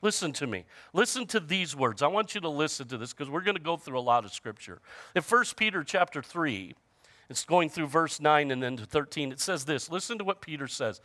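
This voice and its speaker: A man preaching to a congregation in a conversational way, joking with the listeners and calling out for their response. His voice sits high and swings widely in pitch. It is bright and close, with a dry sound. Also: very animated, brisk, no room sound. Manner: conversational preaching with humor and audience call-outs. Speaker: pastor. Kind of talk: sermon.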